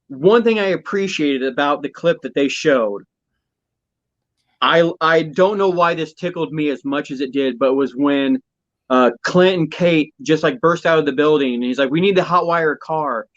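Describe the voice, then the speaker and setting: A man co-hosting a podcast in casual chat, excitable and gushing, swearing now and then. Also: fairly high pitch, moderate pace. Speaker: podcast co-host. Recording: dull lo-fi audio.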